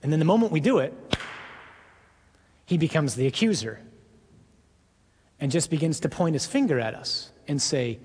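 A man, a priest, preaching a sermon emphatically, with hushed dramatic drops in his voice. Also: on the high side, animated, moderate pace, pauses often, breathy edge. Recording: echoey hall.

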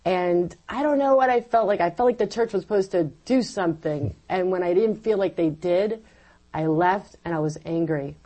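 A woman giving a personal faith testimony as an interview guest, telling her story in an animated way and acting out her own past words. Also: lowish voice, normal speed, low-quality recording.

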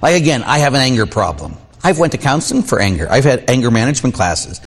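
A man's voice: medium pitch, sing-song, fast, creaky. A man who is a priest, giving a conversational sermon full of personal stories and rhetorical "huh?" tags. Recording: long hall reverb.

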